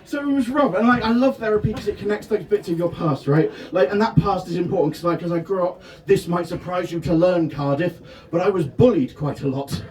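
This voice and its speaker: A man in his thirties from Devon performing a self-deprecating stand-up set at a festival tent, often shouting his punchlines. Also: high voice, brisk, hardly any pauses, recorded from a distance. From England (Devon). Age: 30s. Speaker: stand-up comedian. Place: festival tent with a live audience.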